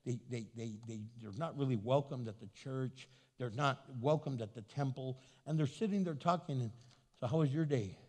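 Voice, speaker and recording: A man preaching a sermon as pastor, animated and acting out the voices of people he quotes. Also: medium pitch, moderate pace, hardly any pauses. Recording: long hall reverb.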